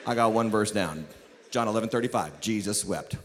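A man preaching a sermon as lead pastor, telling the story with jokes and sudden shouts. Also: lowish voice, brisk, a little hiss or hum. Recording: long hall reverb.

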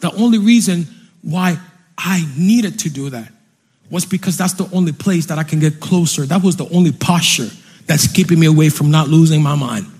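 A man preaching a fervent, repetitive sermon from a church stage, breaking into sung and shouted lines. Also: a little high, moderate pace, husky.

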